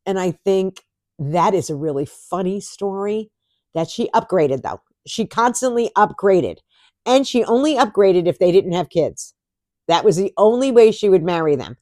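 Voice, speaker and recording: A woman's voice: lowish voice, darkish tone, no echo, studio quality. A woman vlogger talking casually to camera, chatty and sarcastic, laughing often.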